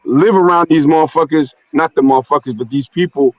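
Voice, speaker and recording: A man from New York City chats loosely in heavy slang, leaning on filler phrases as he tells his stories. His voice sits a little high. The stream sound is muffled and dry. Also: brisk, no echo. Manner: loose, slangy storytelling with frequent "you know what I'm saying". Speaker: stream host. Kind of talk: casual streamed conversation. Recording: dull, dry streamed audio.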